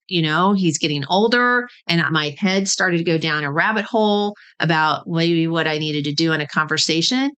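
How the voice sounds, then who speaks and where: A woman's voice: on the low side, a bit bright. A woman hosting a business podcast, explaining ideas in a casual teaching talk and often checking in with "right?" and "okay?". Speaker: podcast host.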